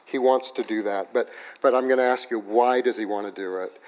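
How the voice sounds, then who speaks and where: A man preaching a sermon, telling a personal story in an animated way that swings from loud to hushed, in a church. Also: medium pitch, brisk. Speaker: pastor.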